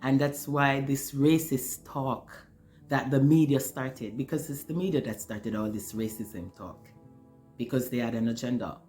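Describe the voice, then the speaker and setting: An earnest, emotional speaker shares a personal spiritual testimony in a darkish, mid-range voice, talking a little slowly. They often repeat words while searching for the next one, with faint music behind.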